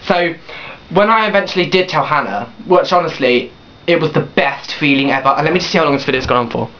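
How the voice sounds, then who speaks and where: A man's voice: fairly high pitch, expressive, fast talker, pushed and bright. A young man in his late teens telling a personal story on his vlog, rambling with restarts and blunt swearing. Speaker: vlogger. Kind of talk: casual confessional storytelling. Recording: dull lo-fi webcam recording.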